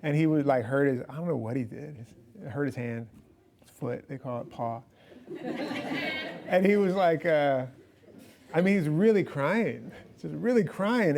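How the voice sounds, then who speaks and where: A man's voice: on the high side, lively intonation, moderate pace, a little mellow. A man speaking as a guest author, answering questions in a loose, rambling way with frequent laughs and fillers. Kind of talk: casual Q&A answers.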